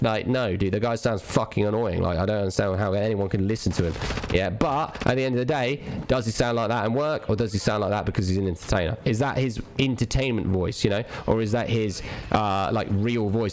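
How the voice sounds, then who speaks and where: A man's voice: lowish voice, fast talker, darkish tone. A young man streaming a game, ranting casually, profane and rambling with lots of restarts. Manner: rambling, profane, repeats himself.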